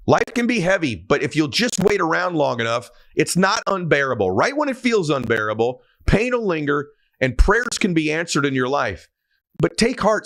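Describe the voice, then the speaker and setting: A man's voice: high voice, a bit bright. A man giving a motivational faith talk in an emphatic, urging, preachy manner. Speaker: motivational speaker.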